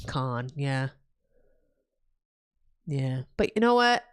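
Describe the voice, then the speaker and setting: A young woman from New Jersey talks to her live-stream chat in a loose, profane rant. Her voice swoops high and low with lively, animated pitch. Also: moderate pace. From New Jersey, USA. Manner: profane ranting, loud swings in pitch. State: pregnant.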